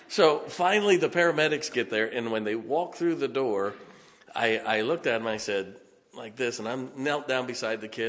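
Middle-aged male preacher, folksy storyteller, medium pitch, reverberant church hall. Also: a little fast, fairly bright tone. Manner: folksy storyteller, laughs often. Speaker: pastor. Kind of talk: sermon with personal stories.

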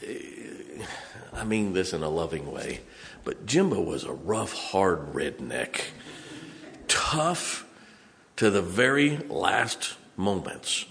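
Man pastor preaching slow, kinda low, long church reverb. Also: sing-song, creaky. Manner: storytelling preacher, breaks into song and shouts. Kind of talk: sermon. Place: church sanctuary.

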